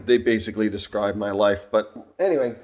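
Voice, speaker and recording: A middle-aged man telling a story and reflecting on it in a casual monologue, with lots of fillers and throat-clearing. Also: fairly low pitch, expressive, moderate pace. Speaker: vlogger and job-site supervisor.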